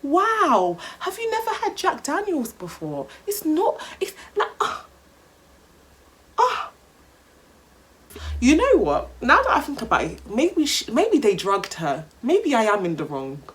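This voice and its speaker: A young woman with a London accent telling a storytime vlog in an animated, slangy way, swearing freely. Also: high-pitched, slow, long pauses. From England. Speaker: vlogger.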